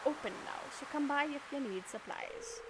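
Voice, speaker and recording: A woman voicing a gruff old male fisherman in a slow, drawling pirate lilt, with game music behind. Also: sits high, animated, noisy background, voice pushed up. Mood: hearty.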